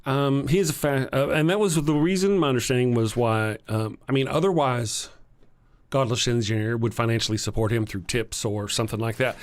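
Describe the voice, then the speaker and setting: A man with a Texan accent hosting a casual livestream, greeting viewers and reading their comments in a rambling, halting way, often chuckling. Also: mid-range voice, steady tone. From Texas. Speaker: livestream host.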